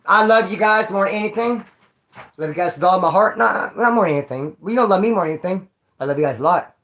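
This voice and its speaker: A man's voice: high-pitched, fast talker, a bit bright, a little hiss or hum. A man casually telling jail stories on his vlog, rambling and joking in street slang. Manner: rambling, slangy and joking, calls viewers homeboy and dog. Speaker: vlogger telling prison stories.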